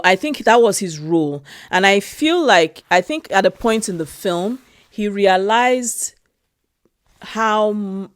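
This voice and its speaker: A woman talking casually and emotionally about a film she loves, slowly repeating her phrases. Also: fairly low pitch, dry recording, studio quality. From Europe. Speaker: film review vlogger. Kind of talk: casual film review vlog.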